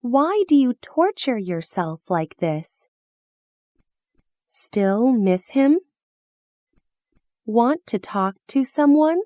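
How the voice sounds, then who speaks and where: Very slow, lively high-voiced woman. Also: no room sound, clean studio sound. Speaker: phrase reader. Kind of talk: slow, careful reading of practice phrases.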